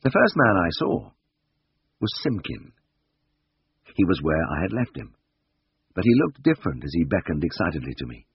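A man reading his memoir aloud as an audiobook, wry and expressive, with the dialogue voiced. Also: low-pitched, moderate pace, creaky, long pauses, slightly rough, dry recording. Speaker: narrator. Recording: dull lo-fi dry recording.

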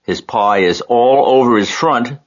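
An eager, tattling young farm girl, excitable and quick to point things out, as a man raises his voice for her. The storybook sound is dull and lo-fi. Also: sits low, exaggerated voice. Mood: excited.

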